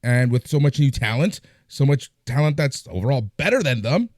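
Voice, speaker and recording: A man co-hosting a podcast, chiming in with short remarks and quick recaps. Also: medium pitch, lively intonation, a little mellow, dry recording, clean studio sound. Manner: brief interjections and quick recaps. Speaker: podcast co-host. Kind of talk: casual wrestling chat, recapping.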